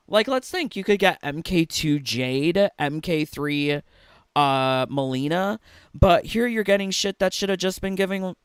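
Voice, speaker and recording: A man's voice: fairly high pitch, clean tone, dry recording, studio quality. A man giving profane, mocking reaction commentary on a gaming video, laughing often and swearing freely.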